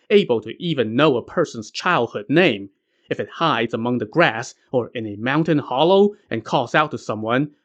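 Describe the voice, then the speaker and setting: A man voicing a brash, quick-talking monkey king who explains things with confident swagger. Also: mid-range voice, fairly bright tone.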